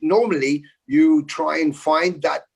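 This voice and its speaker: A man, a rock singer, talking fast and emphatically on a casual video chat, with some swearing. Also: a little high, steady tone, vocal fry, husky.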